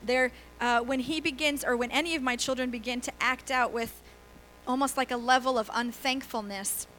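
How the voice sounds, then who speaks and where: A middle-aged woman pastor delivers a conversational sermon in a church, her voice high and bright. She tells stories with laughs and acts out quotes. A faint hum sits behind her. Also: fairly even intonation, moderate pace, rough recording.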